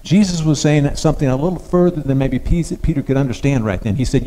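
A man's voice: medium pitch, fast talker, mellow, in a large hall, rough recording. A male pastor preaching a sermon in a conversational way, putting questions to the congregation.

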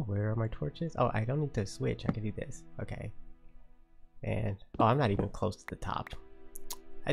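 A man giving uncut running commentary on his own game, talking to himself and venting frustration out loud. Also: mid-range voice, gravelly. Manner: talks to himself while playing, frustrated outbursts. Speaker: Minecraft let's player.

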